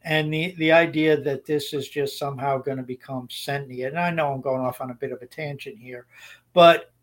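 A man's voice: mid-range voice, fairly even intonation, normal speed. A man co-hosting a podcast, giving blunt opinions in casual chat and rambling with frequent restarts. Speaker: podcast co-host.

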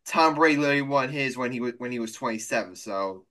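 A man's voice: mid-range voice, fast, a bit bright. A man co-hosting a sports podcast, arguing emphatically in casual debate and often repeating and restarting his phrases.

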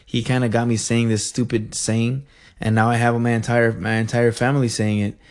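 A young man tells a story in a loose, animated rant. He rambles, loses his thread, swears freely and breaks into laughs. His pitch sits in the middle of the usual male range. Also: moderate pace. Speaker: vlogger.

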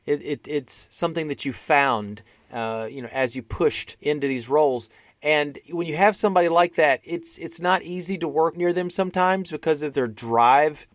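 A man's voice: a little high, moderate pace, no echo. A man co-hosting a podcast, chatting casually about classic films with many restarts and fillers. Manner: rambling with frequent restarts. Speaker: podcast co-host. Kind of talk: casual film discussion.

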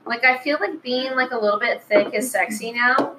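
A woman's voice: a little high, moderate pace, background noise. Chatty woman podcast host. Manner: chatty, slangy, lots of "like". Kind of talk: casual podcast chat.

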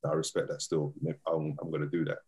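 Deep husky man, earnest guest. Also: flat delivery, a little fast, a little mellow. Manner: earnest and passionate, builds points in long runs. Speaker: guest, youth mentoring founder. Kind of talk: casual interview talk.

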